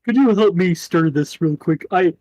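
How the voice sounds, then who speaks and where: A man voicing a gentle, fussy old panda chef who talks sweetly. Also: high-pitched, normal speed, no echo, dull audio, close to an everyday voice.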